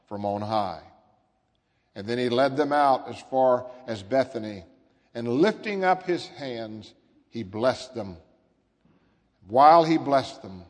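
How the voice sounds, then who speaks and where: A man reads scripture aloud in a measured, solemn voice at a very slow, deliberate pace. His pitch sits in the middle range. The long echo of a big church trails after each phrase. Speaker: scripture reader. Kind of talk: formal scripture reading. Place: large church sanctuary. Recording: long reverb of a large church.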